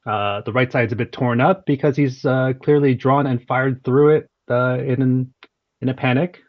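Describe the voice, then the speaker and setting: A man's voice: medium pitch, steady tone, moderate pace. Hesitant man describing his character. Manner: hesitant, many uh fillers. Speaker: player. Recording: dull online call audio.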